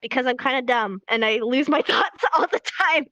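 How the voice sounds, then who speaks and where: A woman's voice: sits high, normal speed, fairly bright tone, no room sound, lo-fi sound. A young woman from California teaching sign language on a casual livestream, chatty and laughing often as she acts out examples.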